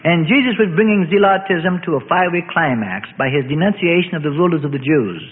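A man's voice: fairly high pitch, lively intonation, a little fast, a little hiss or hum. A man reading a dramatic historical story aloud in a storytelling cadence. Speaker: narrator. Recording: phone-like radio sound, long reverb.

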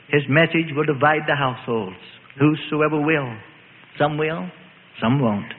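A man narrating a Bible story in a dramatic preaching cadence, with emphatic lists, on a tinny, echoing recording. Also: sits high. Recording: tinny phone-like line with long reverb.

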